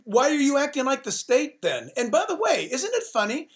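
A man's voice: very high voice, huge pitch swings, moderate pace, a bit bright. A man, a pastor guest on a talk show, speaking in a fervent, preachy way and exhorting his listeners directly. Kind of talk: forceful talk-show interview.

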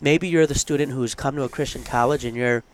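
Talking quickly with a medium pitch and fairly even intonation, this male theology professor co-hosts a relaxed podcast chat. He's earnest and conversational, working through ideas out loud with plenty of asides in an unscripted way.

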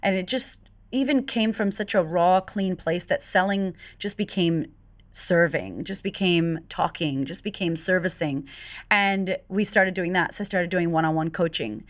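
A middle-aged woman, an animated podcast guest who laughs easily and swears casually. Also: on the low side, unhurried. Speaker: podcast guest, confidence coach. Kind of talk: casual interview chat.

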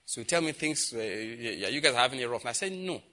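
A man in his fifties with a Nigerian accent, a pastor preaching and telling personal stories, growing loud and emphatic when he acts out conversations. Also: mid-range voice, fast. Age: 50s. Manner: animated storytelling, grows loud and emphatic when acting out dialogue.

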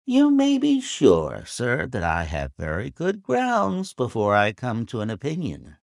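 A man voicing a pompous, irascible old squire who talks in an indignant, excitable, declamatory way in a storybook reading. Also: medium pitch, a little slow, vocal fry, no room sound, studio quality, pitched above the performer's own voice, full character voice. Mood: excited.

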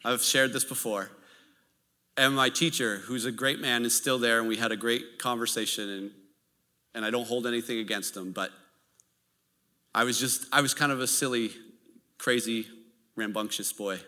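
Male pastor, animated storytelling sermon, bright tone, long hall reverb. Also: mid-range voice, moderate pace, long pauses. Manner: animated, anecdotal preaching with laughs.

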